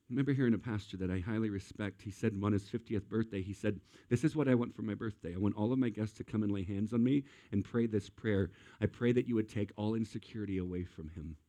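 A man preaching a sermon as a pastor, animated and acting out quotes with playful voices. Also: lowish voice, brisk.

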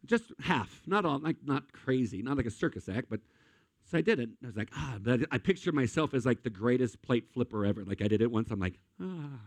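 A young man preaching a sermon, telling a story with lively energy and building to emphatic points. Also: medium pitch, dry recording. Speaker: pastor.

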